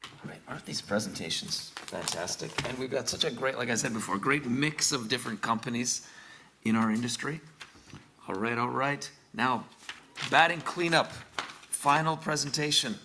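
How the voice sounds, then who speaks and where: A man's voice: mid-range voice, normal speed, background noise. A man hosting a meeting, introducing speakers in an upbeat, chatty way. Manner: upbeat, chatty, laughs easily. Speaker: meeting host. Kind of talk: emceeing a meeting.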